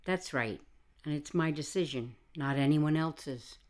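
A woman's voice: sits low, unhurried, darkish tone. A woman reading the part of a stubborn, middle-aged homemaker who speaks firmly and defiantly. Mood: resolute. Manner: firm, defiant. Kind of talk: audiobook dialogue reading.

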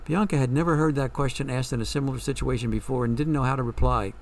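A man's voice: medium pitch, steady tone, quick pace, hardly any pauses, dry recording, distant mic. A man reading a story aloud in a reflective storytelling way. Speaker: narrator. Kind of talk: scripted story narration.

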